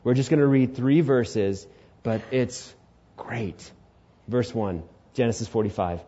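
Young male pastor in his twenties, warm dark tone, preaching with big swings in volume, slightly muffled recording. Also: medium pitch, measured pace, slightly rough. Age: 20s. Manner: animated storytelling, swings from loud to hushed. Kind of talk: sermon.

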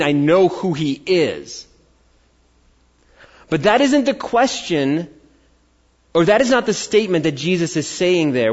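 An American man preaching a sermon, telling a personal story and acting out the voices he quotes. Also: a little high. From United States. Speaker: pastor. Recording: dull lo-fi sound.

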